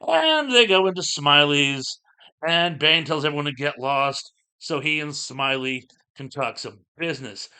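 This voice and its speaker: Brief: middle-aged male host, casual rambling recap, bright and forceful, slightly high voice. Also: expressive, a little slow, clean tone. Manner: rambling, lots of fillers. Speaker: show host.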